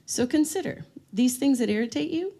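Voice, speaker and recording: A woman's voice: high voice, animated, fairly quick, mellow. A woman giving a live seminar talk on dementia care, telling stories and asking the room questions. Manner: storytelling, asks the audience questions. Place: room with an audience.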